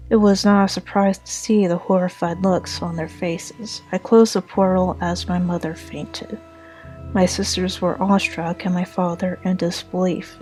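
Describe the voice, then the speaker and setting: A woman narrating a dark first-person pony story in an earnest, slightly halting reading. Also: fairly low pitch, rough recording.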